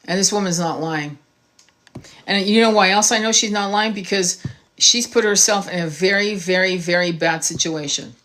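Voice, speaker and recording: A woman's voice: lowish voice, moderate pace, a bit bright. Blunt, heated woman tarot reader. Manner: blunt, heated, swears freely. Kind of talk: impassioned monologue to viewers.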